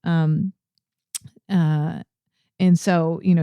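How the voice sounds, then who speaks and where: Low, mellow woman discussing scripture. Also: fairly even intonation, slow pace, long pauses, clean tone, dry recording, clean studio sound. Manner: thoughtful, searching for words with frequent ums. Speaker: co-host of a ministry podcast. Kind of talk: casual Bible study discussion.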